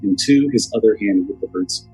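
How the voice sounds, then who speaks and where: Man, lowish voice, halting player, tabletop game, faint music. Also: darkish tone, low-quality recording. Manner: hesitant, halting, many fillers. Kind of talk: casual tabletop play.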